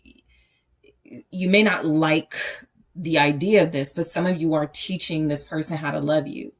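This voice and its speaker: A young woman with a low voice reads tarot cards for her viewers in a loose, chatty way. She thinks out loud, often restarting her sentences and filling pauses as she turns each card over. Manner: casual, thinking aloud with fillers and restarts. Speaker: tarot reader. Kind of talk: pick-a-card tarot reading.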